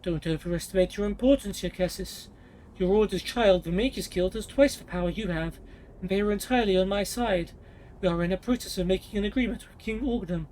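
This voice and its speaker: A man's voice: high voice, a little fast, darkish tone, slight background noise, close to an everyday voice, low-quality recording. Man reading as Potema, scheming queen. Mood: cold. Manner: cool, cutting, politely condescending. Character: scheming ambitious queen mother, woman.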